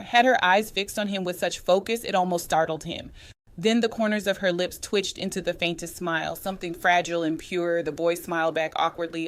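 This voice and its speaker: A woman narrating a dramatic story aloud, reading with small stumbles and restarts. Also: on the low side.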